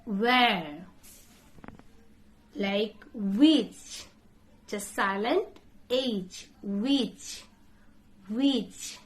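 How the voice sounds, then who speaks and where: Woman pronunciation teacher with a slightly high voice. She speaks very slowly and spells out letters. Drill style. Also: big pitch swings. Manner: spells words letter by letter and repeats each word many times; corrects common mispronunciations in short drill phrases. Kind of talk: pronunciation lesson.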